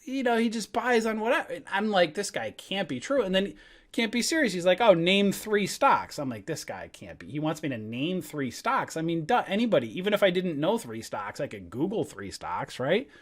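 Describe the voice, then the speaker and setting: A man's voice: sits high, big pitch swings, fairly quick. A man hosting a stock trading live stream, ranting about his bad day with swearing and frustrated laughter, then walking through charts. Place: home trading desk.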